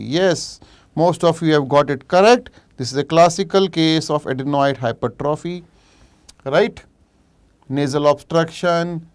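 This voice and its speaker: A middle-aged man with an Indian English accent, teaching a live online revision lecture for a medical exam. He walks through case questions, reacts to viewers' answers from the chat, and switches into Hindi for quick asides. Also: fairly high pitch, clean tone. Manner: explains cases while reading out viewers' chat answers.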